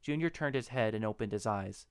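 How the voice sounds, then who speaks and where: A man narrating a story in a steady, even storytelling manner. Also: on the low side, a little fast, smooth, no echo. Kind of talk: audiobook narration of a fan story.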